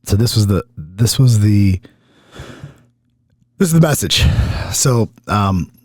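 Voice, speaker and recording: Deep-voiced man talking raw and unfiltered. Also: sing-song, takes it slowly, darkish tone, dry recording, studio quality. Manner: raw, emotional, swears often. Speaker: podcast host. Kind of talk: candid podcast conversation.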